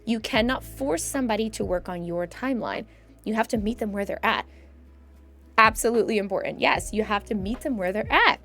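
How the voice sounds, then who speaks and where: A woman's voice: mid-range voice, brisk, fairly bright tone, faint music behind. A woman in casual chat about mental health, answering chat questions emphatically and acting out her own inner thoughts.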